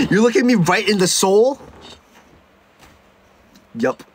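A man's voice: sits high, very animated, takes it slowly, slight background noise. A young man chatting casually on a live stream, rambling and joking with lots of stuttered restarts. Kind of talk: casual livestream chat.

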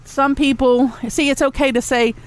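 A woman's voice: high-pitched, steady tone, moderate pace, clear, resonant tone. A woman hosting a podcast, ranting bluntly and sarcastically with lots of swearing and asides to her chat room. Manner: talks back to a chat room. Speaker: podcast host. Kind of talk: ranting solo podcast talk.

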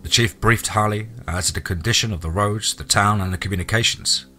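A man reading a horror story aloud, in a steady storytelling manner. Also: on the low side, brisk. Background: faint music.

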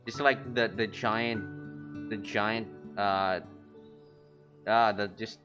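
A man streaming a game, rambling casually to his chat with quick excited outbursts. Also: fairly low pitch. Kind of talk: casual gaming commentary. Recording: lo-fi stream audio with faint music.

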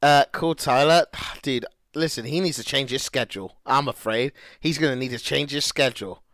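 A young man livestreaming, excitable and swearing as he talks to his chat. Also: mid-range voice, moderate pace, dry recording, clean studio sound. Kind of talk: casual livestream chat to viewers.

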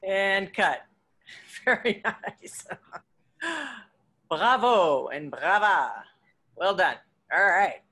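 Lady running an acting class, slow bright voice, chill and encouraging. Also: medium pitch, lively intonation, slightly rough. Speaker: acting teacher.

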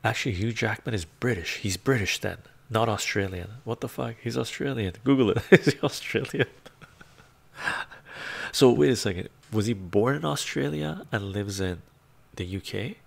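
A man with a somewhat low, gravelly voice talks casually on a live stream. He thinks aloud as he goes and laughs easily between remarks. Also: moderate pace. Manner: chatty, laughs often, thinks out loud.

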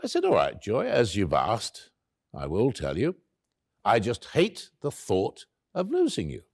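A man's voice: lowish voice, huge pitch swings, a little slow, dry recording, clean studio sound, exaggerated voice. An actor playing an elderly male author, telling the story of his late love in the first person, wry and tender, acting out both sides of the conversation. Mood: tender recollection. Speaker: actor in a one-man stage play.

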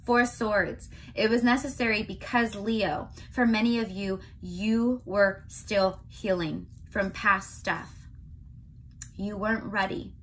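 A young woman from California giving a casual tarot reading to her viewers, chatty and often checking in with a quick "okay?". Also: mid-range voice, fairly even intonation, fairly bright tone, a little hiss or hum. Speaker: tarot reader.

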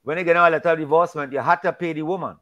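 A man's voice: a little high, fairly even intonation, racing, fairly bright tone, muffled recording. A man in a casual Bible discussion, talking emphatically and preachily, often repeating and restarting his words.

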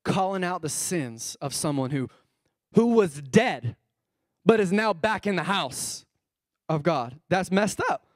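A man in his thirties preaching a sermon as a pastor, animated, asking the congregation questions and acting out characters' lines. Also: sits high, takes it slowly, no echo, studio quality. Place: church.

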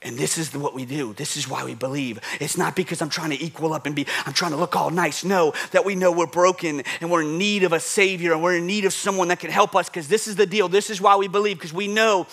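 A preacher man delivers an animated sermon. His voice sits high and bright, and he keeps calling out to the congregation and acting out little asides along the way. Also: quick pace, few pauses. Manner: animated preaching with acted asides and call-outs. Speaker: pastor.

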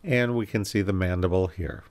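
A man giving a recorded anatomy lecture, calmly explaining and pointing through slides with occasional self-corrections. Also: low-pitched, moderate pace. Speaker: anatomy instructor.

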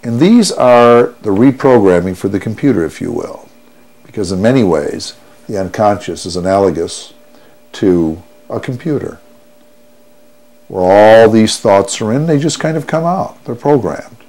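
A male hypnotherapist leads a guided trance in a low voice. He speaks at a very slow, unhurried pace, soothing and calm, repeating each affirmation in turn. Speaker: stop-smoking hypnotherapist.

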